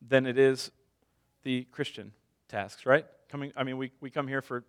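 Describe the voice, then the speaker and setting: A man's voice: medium pitch, fairly even intonation, normal speed, clear, resonant tone. A man in his thirties preaching a sermon as a pastor, conversational, telling stories with self-deprecating humor.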